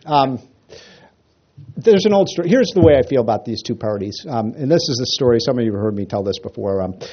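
A man's voice: mid-range voice, lo-fi sound, slight background noise. A man giving a casual, rambling political talk to a crowd, telling jokes and stories. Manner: rambling, animated storyteller with restarts.

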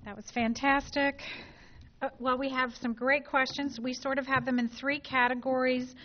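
A woman's voice: high voice, little pitch movement, moderate pace, slight background noise. An older woman reading out audience questions in an encouraging tone. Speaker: question moderator. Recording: dull lo-fi audio.

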